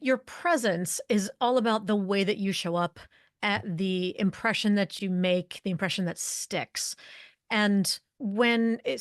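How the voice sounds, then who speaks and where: A woman speaking as an interview guest and communication expert, explaining her points clearly in long lists. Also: medium pitch, no room sound, clean studio sound. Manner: articulate, explanatory, lists points in quick series. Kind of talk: podcast interview.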